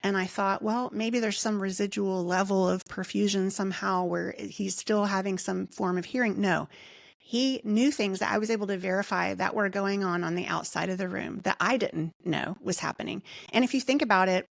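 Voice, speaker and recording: A woman's voice: medium pitch, normal speed, creaky, no echo, studio quality. Earnest woman telling a personal story. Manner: earnest storytelling, reenacting her own thoughts and quoting others. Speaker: podcast guest, nurse anesthetist. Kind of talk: personal testimony in an interview.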